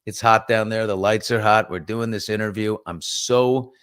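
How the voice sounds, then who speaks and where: A middle-aged man with a New York accent hosts a casual morning show, reading viewer comments and telling stories. His voice sits on the lower side, and he talks in an animated, chatty way. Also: moderate pace, clear, resonant tone, no room sound, clean studio sound. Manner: animated storyteller, reads viewer comments aloud. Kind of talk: casual storytelling chat.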